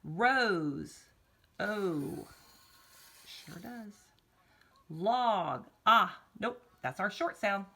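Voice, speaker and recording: A woman teaching kindergartners phonics, slowly drawing out vowel sounds in an encouraging, sing-song way and speaking straight to the children. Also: medium pitch, lively intonation, vocal fry, sharp tone, slightly rough. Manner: encouraging, talks directly to children. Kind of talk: recorded morning meeting lesson for young children.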